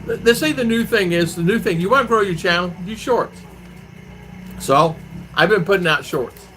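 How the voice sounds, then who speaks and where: Bright-voiced man chatting on a live stream. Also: sits high, moderate pace, a little hiss or hum, low-quality recording. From Arizona, USA. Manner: rambling, chatty, answers viewer comments. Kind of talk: casual live stream chat.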